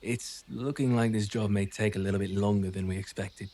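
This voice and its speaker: A man with a lowish voice plays his character in a tabletop game. He talks politely, with hesitant pauses. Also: steady tone, warm tone. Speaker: player.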